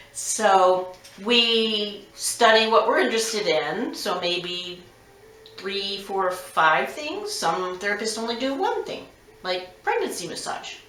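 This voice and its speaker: A woman's voice: on the low side, fairly bright tone. A woman massage therapist giving frank, numbered advice to her clients. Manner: frank, instructive, lists numbered tips. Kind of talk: direct advice monologue. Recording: roomy echo.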